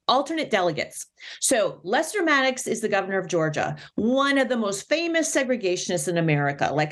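A woman speaks as an interview guest, explaining events in an animated way. She adds many asides and restarts as she talks. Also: medium pitch. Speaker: author and professor guest.

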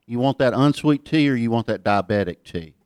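A man from Georgia with a Southern accent, hosting an interview in a relaxed, storytelling manner. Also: mid-range voice, brisk, clean tone. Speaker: host. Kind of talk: podcast interview.

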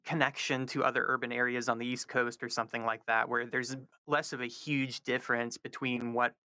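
A man's voice: mid-range voice, level tone, a little fast, bright, forceful tone, no echo. A man from the American South, a linguistics professor, answering radio interview questions thoughtfully with many fillers and restarts. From American South, North Carolina.

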